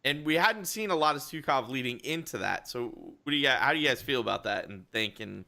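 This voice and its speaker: A male host with a bright, sharp tone and an upbeat way of steering the conversation. He sits at a middle pitch and moves the chat from one topic to the next. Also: animated, fast, vocal fry. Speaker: podcast host. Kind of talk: casual chat.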